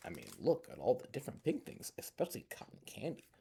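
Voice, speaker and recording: A man reads a bedtime picture book aloud, breaking off for chatty asides to young listeners. His voice is warm and mellow. His pitch swings widely and playfully. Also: wildly swooping pitch, fast talker, creaky, slightly rough. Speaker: library storyteller.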